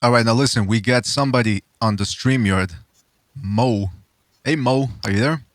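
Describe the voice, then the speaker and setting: A man hosting a casual boxing podcast, loud and profane, laughing often as he talks to callers. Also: mid-range voice, normal speed, no room sound, clean studio sound. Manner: loud, swearing, laughs a lot. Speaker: podcast host.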